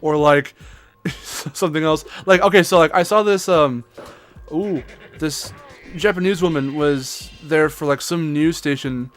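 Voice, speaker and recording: A man's voice: on the high side, unhurried, faint music behind. A young man chatting casually as co-host, rambling, swearing and laughing often. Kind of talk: casual chat.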